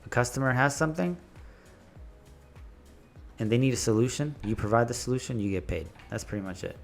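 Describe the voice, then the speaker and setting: A man who runs a landscaping business, giving blunt, animated business advice and stories in a casual vlog. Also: medium pitch, brisk, creaky, faint music behind.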